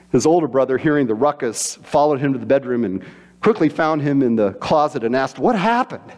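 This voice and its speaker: A man's voice: mid-range voice, normal speed. A man preaching a sermon, telling stories with acted-out quotes and voices. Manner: animated storytelling with voiced quotes. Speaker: pastor.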